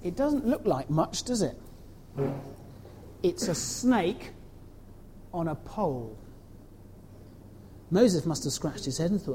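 A woman telling a story to children in an animated way, asking them questions as she goes. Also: on the low side, takes it slowly, pauses often, long reverb tail, a little hiss or hum. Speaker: children's talk leader.

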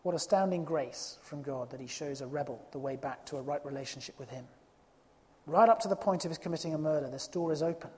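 A preacher delivering an emphatic, expressive sermon full of rhetorical questions. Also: medium pitch, fast talker. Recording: long reverb of a hall.

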